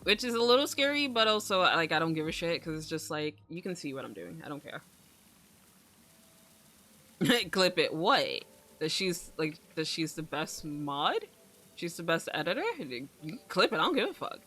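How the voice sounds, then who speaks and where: A woman's voice: low-pitched, very animated, moderate pace, sharp tone. A young woman streaming, chatting casually in a rambling way, swearing freely and laughing often. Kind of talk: casual livestream chat.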